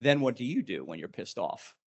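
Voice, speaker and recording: A man runs a live leadership workshop, firing questions at his group. His pitch swoops widely and expressively as he talks. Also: brisk, slightly rough, muffled recording. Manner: animated, quizzing the group. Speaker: leadership trainer.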